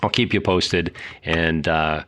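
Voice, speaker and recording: A man's voice: deep voice, fairly even intonation, slow, sharp tone. A middle-aged man hosting a casual solo podcast, talking in a rambling way with many fillers and restarts. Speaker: podcast host.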